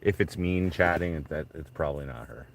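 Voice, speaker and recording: A man with an extremely low voice chats loosely on a livestream from inside a tent. He mumbles, curses and talks half to himself. A faint hiss of noise sits under him. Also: fairly quick, creaky. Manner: mumbling, swearing, talks to himself while searching. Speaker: streamer. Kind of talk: casual livestream chat.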